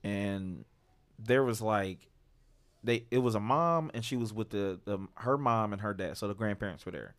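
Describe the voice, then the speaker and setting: A man telling a casual story among friends, animated and profane, breaking into high-pitched impressions. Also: moderate pace.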